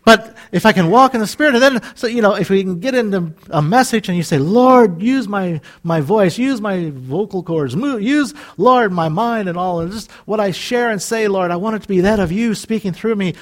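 A man preaching a sermon in a lively, animated way, acting out quoted voices and laughing often. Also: sits high, a little fast, few pauses. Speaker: pastor.

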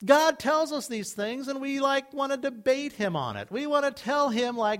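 A man preaching a sermon in a conversational way, swinging between loud, emphatic lines and quiet asides. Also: extremely high pitch, animated, normal speed, few pauses. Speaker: pastor.

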